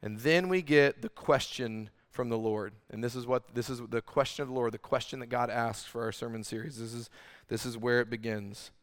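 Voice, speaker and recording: A man preaches a sermon with a smooth, resonant voice at an ordinary pitch. He speaks earnestly and with animation, often pausing to put direct questions to his listeners. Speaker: pastor. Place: large room with congregation.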